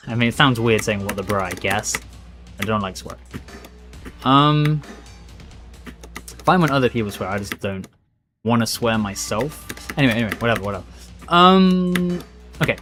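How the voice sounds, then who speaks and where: Lively chatty male game streamer. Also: medium pitch, a little slow, long pauses, faint music behind. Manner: chatty, rambling, says "bro" a lot. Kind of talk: live gameplay commentary.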